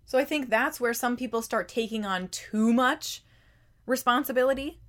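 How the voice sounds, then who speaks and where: A woman's voice: a little high, moderate pace, a bit bright. A woman hosting a self-help podcast, talking conversationally with emphatic rhetorical questions and frequent repeated words. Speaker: podcast host.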